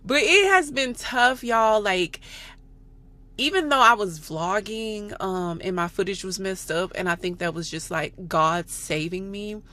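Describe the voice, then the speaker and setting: A woman's voice: medium pitch, unhurried, sharp tone. A woman in her forties from Texas, talking to her viewers in a chatty, candid vlog and calling them y'all. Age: 40s. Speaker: vlogger. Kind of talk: casual vlog chat.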